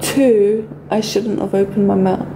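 A woman's voice: mid-range voice, steady tone, unhurried, noisy background. A woman chatting with her partner on a casual livestream, light, laughing and affectionate. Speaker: co-host, partner.

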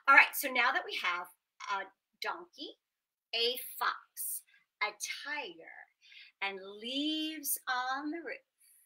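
A woman hosting an interactive children's storytime from her small apartment at home. She talks in an animated, playful way and makes sound effects along the way. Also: a little high, low-quality recording. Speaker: children's show host and storyteller.

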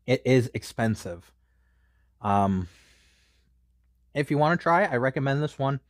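Man, casual snack review, halting with fillers, a little breathless, dry recording. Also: medium pitch, expressive, no echo. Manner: rambling, halting with many fillers. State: a bit out of breath.

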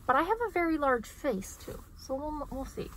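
A woman in her thirties chatting casually in a haul vlog, self-mocking and quick to laugh. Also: high-pitched, animated, a little hiss or hum, low-quality recording. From United States. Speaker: vlogger.

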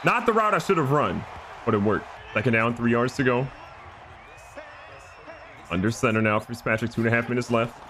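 Animated man doing game commentary. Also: medium pitch, a little fast, long pauses, soft background music. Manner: animated, joking, trash-talking. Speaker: gaming YouTuber. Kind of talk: excited gameplay commentary.

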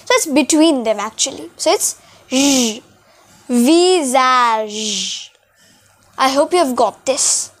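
A woman's voice: high voice, normal speed. A woman teaching French to beginners, speaking carefully and drawing out example words, in a room with a whiteboard. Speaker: French tutor. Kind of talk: beginner language lesson.

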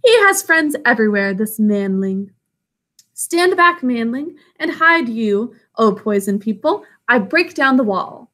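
A woman voicing a huge, powerful python who speaks slowly and with command in a storybook reading. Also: a little high, lively intonation, fairly bright tone. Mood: amused. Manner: slow, drawn-out hiss.

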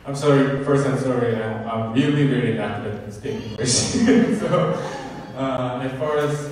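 A man with a Korean accent, a visiting gospel singer, speaking shy, apologetic, halting English. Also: mid-range voice, heavy background noise. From South Korea. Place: large church sanctuary before a congregation. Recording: echoey church hall, distant mic, crowd.

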